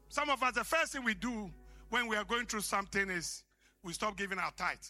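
A man preaching a sermon, swinging from shouted peaks to hushed, whispered lines. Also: high-pitched, lively intonation, a little fast, soft background music.

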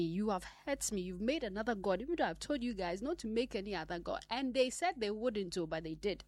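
A woman preaching a sermon, swinging between loud exhortation and hushed whispers. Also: medium pitch, expressive, normal speed, hardly any pauses, no room sound.

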